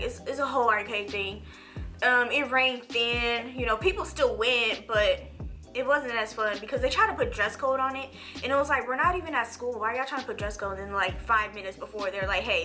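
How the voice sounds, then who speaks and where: A young woman talks through a makeup routine in a loose, chatty way, drifting into animated rants. Her voice sits high and sounds bright and sharp. Faint music plays beneath her. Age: young adult. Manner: animated, rambling, swoops high when ranting. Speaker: beauty vlogger. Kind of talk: chatty makeup tutorial with storytelling.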